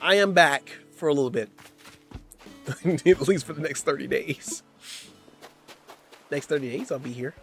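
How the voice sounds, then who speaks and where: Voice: medium pitch, a little slow, pauses often, a bit bright, soft background music. A streamer giving casual live-stream gameplay commentary, playful and slangy, often laughing and teasing the chat. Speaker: game streamer.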